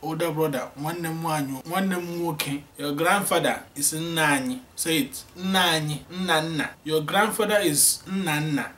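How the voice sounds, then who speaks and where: A man's voice: fairly high pitch, bright, forceful tone. A man teaching a spoken language lesson, repeating each word for learners to say back. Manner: repeats words slowly for learners to echo.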